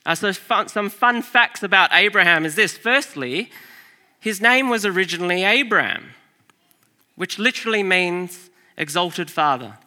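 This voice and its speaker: A man preaching a sermon as pastor, telling a family story in an animated way, swinging from loud to hushed. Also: sits high, measured pace. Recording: long hall reverb.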